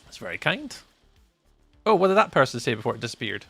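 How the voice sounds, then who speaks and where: A young Scottish man chatting casually with viewers on a live game stream, playful and reading chat out loud. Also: mid-range voice, sing-song, brisk, creaky, pauses often, breathy edge, dry recording, soft background music.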